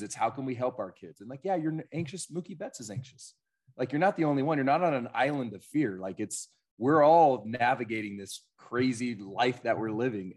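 A man's voice: mid-range voice, darkish tone. A man co-hosting a podcast in casual conversation, encouraging and coach-like.

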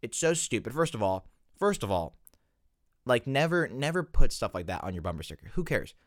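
A young man hosting a solo podcast, rambling and animated in a casual rant full of fillers. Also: mid-range voice, normal speed, no room sound, studio quality. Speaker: podcast host.

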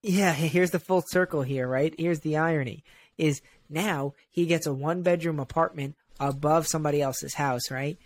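A young man in casual comedic chat, eagerly building a joke step by step. His voice sits somewhat high for a man. He sounds energetic and playful. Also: moderate pace. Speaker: podcast co-host.

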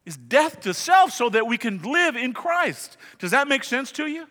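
A man with a high, bright voice preaches a sermon to his congregation, talking conversationally and pressing points with emphasis. He keeps asking the listeners questions. His voice rings with the long reverb of a large church hall. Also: sing-song, normal speed, hardly any pauses. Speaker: pastor. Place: church sanctuary.

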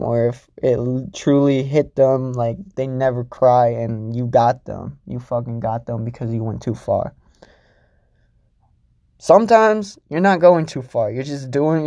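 A man's voice: medium pitch, mellow, no echo. A young man hosting a solo podcast, rambling casually and swearing freely, mocking himself as he goes. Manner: rambling, profane, self-mocking. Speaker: podcast host.

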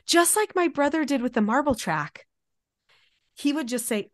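Chatty mother, fairly high voice. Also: moderate pace, no room sound, studio quality. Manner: chatty, animated, acts out quotes. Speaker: podcast host, mother. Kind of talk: casual conversation.

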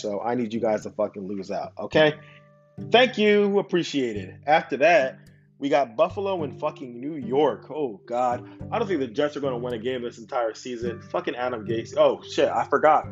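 Give me a heated, foul-mouthed young man hosting a football podcast on a muffled recording. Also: mid-range voice. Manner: profane, heated and worked up. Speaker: podcast host. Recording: dull lo-fi recording.

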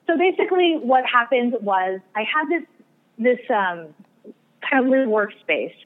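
Over a tinny, phone-like radio line, an astrologer and psychic medium tells a rambling, self-deprecating story as a guest in a casual interview. Her voice is a little high and sing-song, at normal speed.

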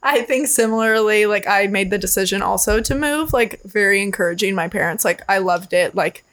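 A young woman, a podcast guest, chatting casually, blunt and quick to swear and laugh. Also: medium pitch, a bit bright. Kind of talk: casual chat.

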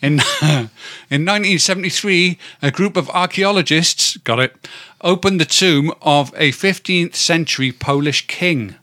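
Podcast co-host, man in his fifties, bright tone, rambling and swearing casually, dry close recording. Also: a little high, measured pace, no echo. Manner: rambling, stumbles over words, swears casually. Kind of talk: casual chat.

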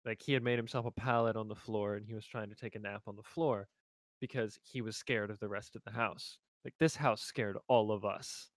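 Man, casual storyteller on a call, halting delivery, dry close sound. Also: lowish voice, steady tone, no echo. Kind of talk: telling a ghost story on a call.

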